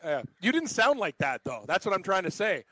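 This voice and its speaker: A man with a notably high voice co-hosts a casual sports podcast. He jokes, laughs often and rambles loosely, and the sound is close and dry. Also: very animated, fairly quick, a bit bright, no echo. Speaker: co-host.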